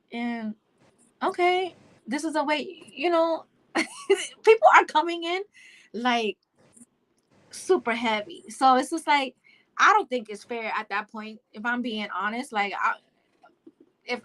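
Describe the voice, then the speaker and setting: A woman in casual boxing talk, animated and swearing freely, acting out angry fans. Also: high voice, unhurried, pauses often. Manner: animated, swearing, laughing often, acts out fans.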